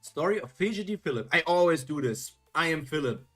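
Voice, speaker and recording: A woman's voice: low voice, animated, a little fast, fairly bright tone, soft background music. A woman streamer reading old children's rhymes aloud in a playful, theatrical way, adding joking comments between them. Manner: playful, theatrical, jokey asides.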